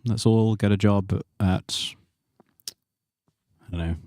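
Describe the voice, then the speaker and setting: A man's voice: lowish voice, fairly even intonation, slow pace, warm tone, dry recording. A man co-hosting a live singing stream, making dry quips and laughing. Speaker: singer and co-host.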